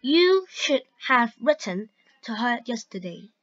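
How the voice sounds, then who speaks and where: Woman teacher, high voice, slow grammar lesson, muffled lo-fi sound. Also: very animated. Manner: reads examples aloud slowly and carefully. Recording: dull lo-fi recording.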